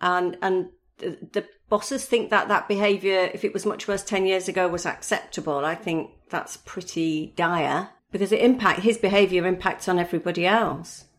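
An older woman, speaking as a guest on a podcast in a measured, earnest way. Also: on the low side, steady tone. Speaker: guest, a host's mother. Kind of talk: casual chat.

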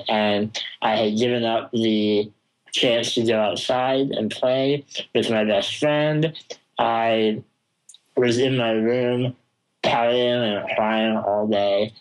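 A young man speaks at an unhurried pace in a fairly low voice. He tells a personal story as an interview guest, pausing often with ums. The delivery stays reflective and conversational. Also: rough recording. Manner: slow, thoughtful, with frequent ums.

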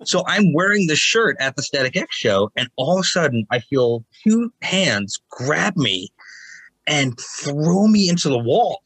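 A man in his forties telling stories casually as a podcast guest, animated and raising his voice to act out quotes. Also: on the high side, normal speed, breathy edge, no room sound, rough recording. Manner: animated, acts out quotes in raised voice. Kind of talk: casual storytelling.

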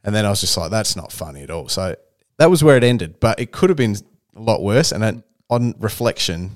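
A young Australian man tells a story in a relaxed, chatty way, acting out the people in it as he goes. His voice sits on the low side. The sound is dry and close, with no room around it. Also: brisk, dry recording. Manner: animated storyteller who acts out other people's voices. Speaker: podcast co-host. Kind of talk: casual storytelling chat.

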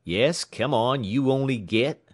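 A man voicing a menacing, contemptuous male tramp with a hoarse, gruff, slow drawl. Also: on the low side, animated, no echo, clean studio sound, pitched above the performer's own voice.

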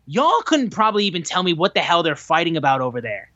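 A man co-hosting a podcast vents in an animated, sarcastic rant. His voice sits a little high. The sound is dry and slightly muffled, like a lo-fi recording. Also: fairly quick, few pauses, no echo. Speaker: podcast co-host. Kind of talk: casual wrestling podcast chat.

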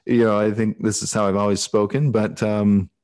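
Here the Alaskan podcaster sounds on the low side, flat and a little mellow, talking at normal speed in a clean studio recording with no echo. His casual video-call chat wanders, full of restarts and easy laughter, in a Pacific Northwest accent.

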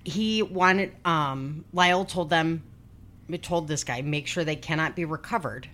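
A woman's voice: low-pitched, measured pace, fairly bright tone. A woman in her forties telling a true-crime story on a casual podcast, blunt and sweary with sarcastic asides. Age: 40s. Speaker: podcast host.

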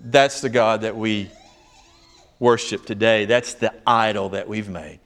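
A man's voice: on the low side, steady tone, unhurried, fairly bright tone. A male pastor preaching a sermon, telling stories with emphatic delivery and acting out dialogue.

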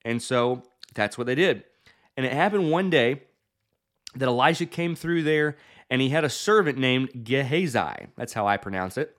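A male preacher retelling a Bible story in a lively way, with chuckling asides. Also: medium pitch, moderate pace. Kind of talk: sermon storytelling.

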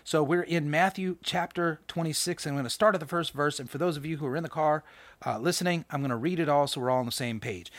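Dude podcasting, talks quick, lots of uh and restarts, kinda high voice, dry close sound. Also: male voice, dry recording. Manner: fast-talking, animated, many fillers and restarts. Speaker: podcast host. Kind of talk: casual Bible commentary and reading.

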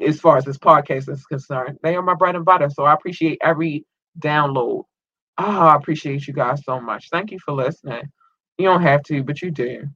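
Excitable man hosting a solo podcast. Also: a little high, no echo, highs cut off. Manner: excitable, thankful, chatty. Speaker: podcast host. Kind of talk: solo podcast shout-outs.

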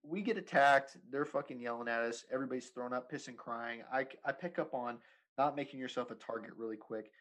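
A thirty-something man speaks a little fast in a medium-pitched, somewhat bright voice on a low-quality recording. Chatting casually, he tells a rambling, profane story, laughing often and saying "dude" nonstop.

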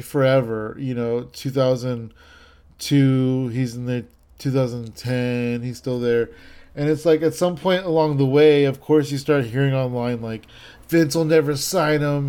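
A man in his thirties chats casually in a loose, rambling way, piling on fillers and restarts. His mid-range voice is clear, resonant, mellow, and dark in tone, and his enthusiasm comes through.

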